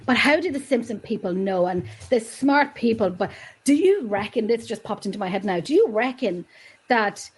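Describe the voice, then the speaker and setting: A woman's voice: fairly high pitch, lively intonation, normal speed, slightly rough, poor audio. A woman co-hosting a casual chat show, chatty and rambling, laughing often.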